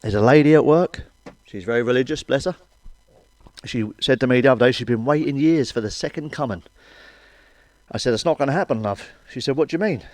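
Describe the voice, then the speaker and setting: A middle-aged man rattles through blue stand-up gags. He swears constantly and keeps checking "you know what I mean?" His voice sits in an ordinary middle pitch, recorded close and dry with no room echo. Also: fairly quick, a little mellow. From Wales. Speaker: comedian. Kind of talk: crude stand-up joke telling.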